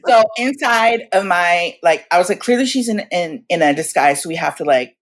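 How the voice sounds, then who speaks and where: Woman in her 40s, chatty guest, slightly low voice, jumps into everybody's voices, laughs a lot. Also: moderate pace. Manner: animated, laughs often, acts out quoted voices. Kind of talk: casual storytelling.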